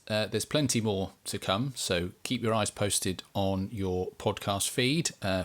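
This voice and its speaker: Low-voiced man reading a podcast outro. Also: fairly bright tone. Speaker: podcast host.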